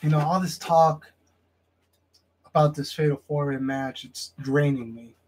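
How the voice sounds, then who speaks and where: A man's voice: on the high side, steady tone, a little slow, slight background noise, poor audio. A man delivering a long wrestling promo as a pro wrestler, brash and boastful, with bursts of intensity.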